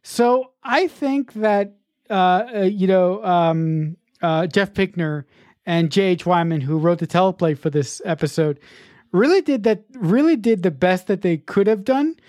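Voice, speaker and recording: A podcast co-host who writes, talking in casual chat in a reflective, halting way with frequent restarts. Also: mid-range voice, expressive, darkish tone, no echo, clean studio sound.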